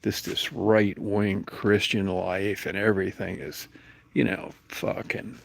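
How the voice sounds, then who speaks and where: A man's voice: lowish voice, little pitch movement, takes it slowly, vocal fry. A middle-aged man telling a crude, rambling, profane story and acting out the people in it. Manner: profane, rambling, acts out quoted voices.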